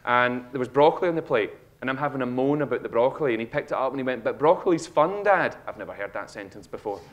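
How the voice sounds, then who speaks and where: Lively Scottish man giving a stage talk. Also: mid-range voice, racing, muffled recording. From Scotland. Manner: animated storytelling, acts out a child's lines. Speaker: speaker. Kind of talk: humorous motivational talk. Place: auditorium stage.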